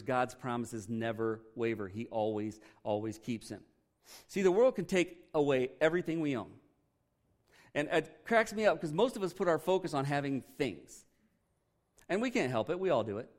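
Candid pastor preaching casually. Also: male voice, mid-range voice, darkish tone. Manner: conversational, candid, joking asides. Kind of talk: sermon.

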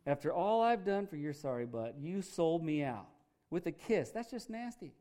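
A male preacher acting out an indignant man who slowly and sarcastically scolds a traitor in the middle of his sermon. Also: on the high side, sing-song, warm tone. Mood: scornful.

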